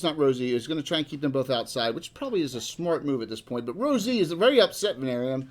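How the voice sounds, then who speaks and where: A man running a tabletop game as dungeon master, halting and full of ums. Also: mid-range voice, lively intonation.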